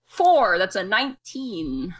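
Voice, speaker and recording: A woman's voice: medium pitch, very animated, slow, fairly bright tone. A woman running a tabletop game as game master, narrating scenes and voicing characters in a chatty way, with many fillers and restarts.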